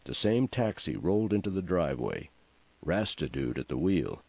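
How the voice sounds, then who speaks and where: A man narrates a comic novel in a deep, low voice with a dry, even delivery. The recording is dry and slightly dull. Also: normal speed, creaky, dry recording. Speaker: audiobook narrator. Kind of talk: scripted narration.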